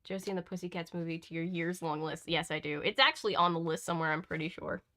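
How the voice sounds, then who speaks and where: A woman's voice: fairly low pitch, fast, bright, forceful tone. A woman hosting a casual read-aloud at home, breaking off often for playful, teasing asides to her cat. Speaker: host reading a book aloud.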